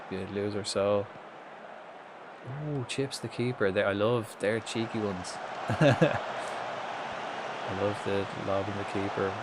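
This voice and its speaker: A man's voice: lowish voice, background noise. An Irish man commentating live on a football management game, swearing freely and chatting with viewers. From Ireland. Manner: swearing, excitable, chatting with chat. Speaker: streamer.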